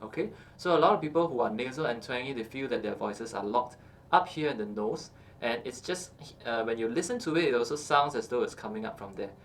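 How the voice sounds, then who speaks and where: A man teaching singing, explaining calmly with many fillers and checking in with "okay" as he goes. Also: medium pitch, brisk, slight background noise. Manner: explains calmly with frequent uh and okay, breaks into short sung examples. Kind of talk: instructional talk with sung demonstrations.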